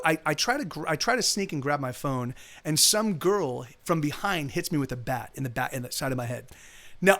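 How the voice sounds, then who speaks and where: A man's voice: a little high, fairly bright tone. A man telling a long story in a casual, rambling way, often restarting his sentences and swearing. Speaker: streamer. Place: home streaming setup.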